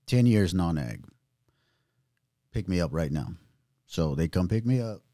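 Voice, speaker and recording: A man sharing his own testimony in casual chat, animated, using street slang and acting out other people's voices. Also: sits low, normal speed, long pauses, dry recording, clean studio sound.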